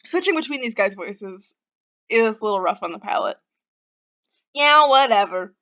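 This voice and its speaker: A woman hosting a visual novel preview, making quick, self-deprecating asides to viewers. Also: medium pitch, lively intonation, a bit bright, lo-fi sound. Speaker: host voicing a visual novel.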